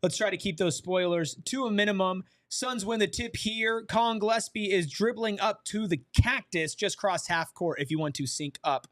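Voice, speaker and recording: A man hosting a live game watch-along, reacting to plays and reading viewer chat aloud with excitable energy. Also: sits high, normal speed, few pauses, no echo, clean studio sound. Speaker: watch-along show host.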